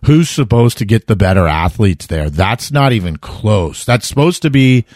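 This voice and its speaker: A man's voice: lowish voice, normal speed, no echo, studio quality. A middle-aged man co-hosting a sports betting podcast, chatting casually and animatedly, acting out quotes. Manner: animated, jokey, acts out quotes. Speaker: podcast co-host giving betting picks.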